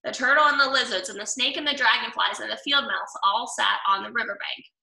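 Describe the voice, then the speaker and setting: A woman reading a children's storybook aloud in a clear, steady, gentle manner, in a roomy room with the mic at a distance. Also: a little high, a little fast. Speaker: storybook reader.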